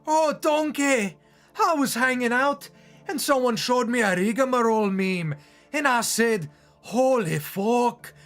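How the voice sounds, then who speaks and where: A man putting on the voice of a big, gruff male ogre, drawing out his words loudly. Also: extremely high pitch, faint music behind, pitched above the performer's own voice, full character voice. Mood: rowdy. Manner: drawn-out, shouty delivery.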